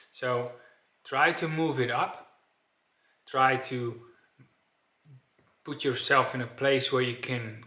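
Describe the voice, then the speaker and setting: A man with coaches an emergency breathing exercise, talking very slowly and pausing often. His voice is bright and forward. The room around him is echoey. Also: mid-range voice. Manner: slow, repetitive, with frequent "okay" and restarts. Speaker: breathing instructor. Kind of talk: instructional talk to camera.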